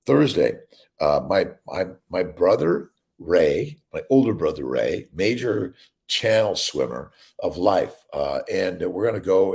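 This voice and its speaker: His voice is low, gravelly, and darkish in tone. A middle-aged doctor, he hosts an easygoing morning livestream, cheerfully rambling, reading chat comments, and saying hello to viewers by name.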